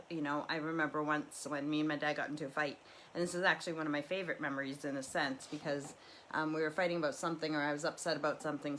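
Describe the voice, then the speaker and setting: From her living room, a middle-aged woman hosts a live stream of casual personal talk, rambling candidly with lots of restarts. Her deep voice is fairly bright, and the rough recording carries a little hiss or hum.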